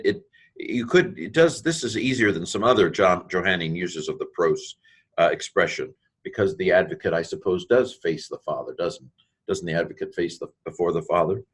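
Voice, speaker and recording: A man's voice: low-pitched, slightly rough. A man teaching a recorded lesson on Greek grammar over slides, thinking aloud, correcting himself and making playful asides.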